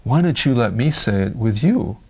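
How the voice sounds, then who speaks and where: A man's voice: mid-range voice, animated, normal speed, slightly rough. A man working as a speech clinician, who coaches a child and then explains the approach to a parent in a patient, encouraging way. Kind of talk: therapy session and parent counseling.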